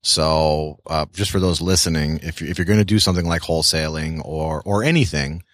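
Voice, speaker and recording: Male guest, very low voice, casual advice-giving, dry close sound. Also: no echo. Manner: advice-giving, slips into quick mimicked voices. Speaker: podcast guest, real estate wholesaler. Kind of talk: casual interview chat.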